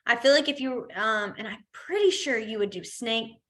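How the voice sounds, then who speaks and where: Young woman teacher, bright tone, chatty, rambling, laughs easily. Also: a little high, expressive, moderate pace. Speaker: sign language teacher. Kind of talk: online class instruction.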